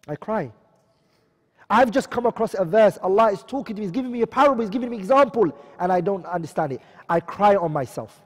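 A man teaching an Islamic lecture, earnest and exhorting. He recites Arabic quotations quickly and then translates them slowly, and he often asks questions and answers them himself. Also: high-pitched, a little mellow, in a large hall. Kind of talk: religious lecture.

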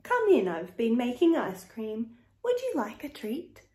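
A woman voicing a kindly neighbour woman gently offering a treat. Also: a little high, huge pitch swings, a little slow, roomy sound. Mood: gentle.

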